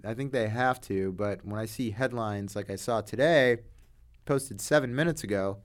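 A man with a low, smooth and resonant voice hosts a podcast discussion. He steers the chat between topics and laughs off his own stumbles. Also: normal speed. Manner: leads topics, self-deprecating. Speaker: podcast host. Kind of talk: casual chat.

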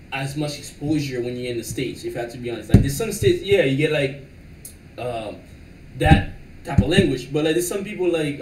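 A man whose first languages are French and Creole, chatting casually on a live stream as an animated storyteller who laughs often and fills his talk with "like". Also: on the high side, reverberant, recorded from a distance, a little hiss or hum, low-quality recording. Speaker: livestream co-host. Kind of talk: casual chat.

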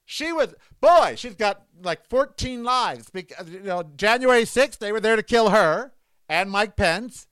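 Indignant rambling man, fairly high voice. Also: lively intonation, measured pace, fairly bright tone, clear, resonant tone, no echo. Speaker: vlogger. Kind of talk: casual political commentary. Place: at home.

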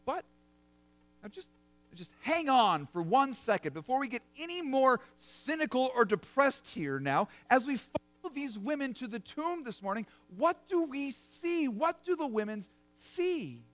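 A man's voice: very high-pitched, big pitch swings, unhurried. A man preaching a sermon as pastor, telling it in a vivid, conversational storytelling way.

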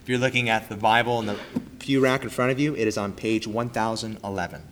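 A man preaching a sermon in a church, stressing key phrases loudly, then dropping to quiet, low line endings. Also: steady tone, fast, a little hiss or hum. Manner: emphatic, swings from loud stresses to soft, low trailing endings. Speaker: pastor. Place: church sanctuary.

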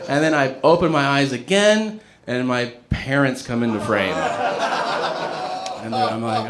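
A man telling a comedic personal story casually, swearing and acting out quotes with big jumps in pitch. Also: lively intonation, a little slow, heavy background noise.

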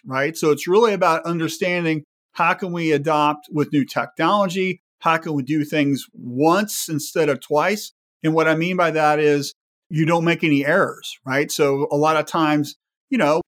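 A man's voice: a little high, fairly bright tone. A man on a podcast panel, explaining shop sustainability and asking many rhetorical questions.

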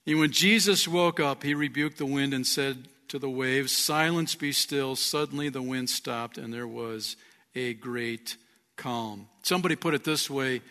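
Gravelly preaching pastor in a big hall. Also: male voice, medium pitch, bright, forceful tone. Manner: earnest preaching, rising and falling in volume. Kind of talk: sermon. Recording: long reverb of a large hall.

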